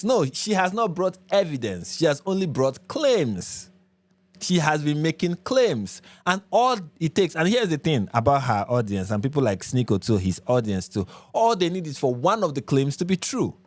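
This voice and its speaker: A man's voice: on the high side, dry recording. Man hosting an emphatic commentary. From Nigeria. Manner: repetitive, emphatic explaining. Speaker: commentary channel host. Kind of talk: reaction commentary.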